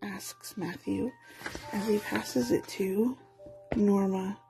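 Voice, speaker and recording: A woman reading a children's storybook aloud in an expressive, playful way. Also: mid-range voice, slow pace, gravelly, over music, rough recording.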